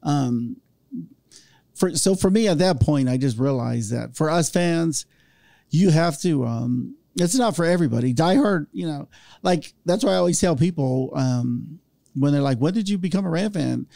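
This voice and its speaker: A man's voice: fairly high pitch, lively intonation, measured pace, gravelly, mellow, no echo, studio quality. A man from Orange County, California, hosting a casual podcast chat and telling stories with acted-out voices. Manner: storytelling, acts out voices in anecdotes.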